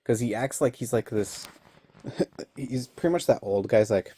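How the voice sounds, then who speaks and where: A man's voice: medium pitch, unhurried, dark tone, a little hiss or hum. A young man casually recapping an episode, rambling and laughing often. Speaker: online reviewer.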